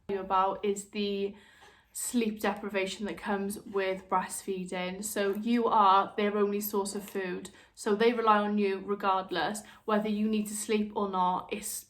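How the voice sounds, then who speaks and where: A young woman talking frankly to camera as a vlogger, chatty and open, slipping into other voices when she quotes people. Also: mid-range voice. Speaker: vlogger, new mother. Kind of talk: candid personal chat to camera.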